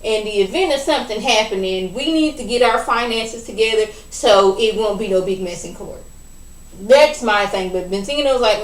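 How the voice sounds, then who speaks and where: A woman casually recapping a reality TV episode, animated and chatty, acting out what the cast said. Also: mid-range voice, normal speed. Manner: animated, chatty, acts out quotes. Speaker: TV recap vlogger. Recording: roomy echo, mic at a distance.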